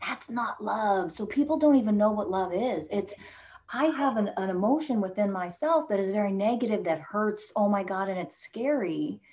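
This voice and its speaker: A woman's voice: medium pitch, expressive, moderate pace, darkish tone, muffled recording. A woman coach speaking as a podcast guest, emphatic and motivational, growing impassioned as she makes her points. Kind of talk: podcast interview.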